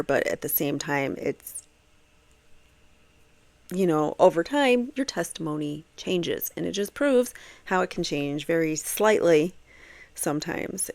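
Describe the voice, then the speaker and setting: A woman with a lowish voice talks through a court case for her crime podcast. She is casual and chatty, with many fillers and restarts. The sound is close and dry, recorded at a home computer. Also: no room sound. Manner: conversational, thinks aloud with many fillers. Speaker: true crime podcast host. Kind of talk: casual commentary on court testimony. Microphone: home computer setup.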